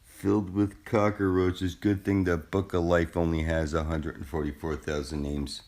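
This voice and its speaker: Very deep-voiced man taunting menacingly. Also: flat delivery, measured pace, a little mellow. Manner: taunting, profane, threatening. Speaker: channel host. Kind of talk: menacing monologue to camera.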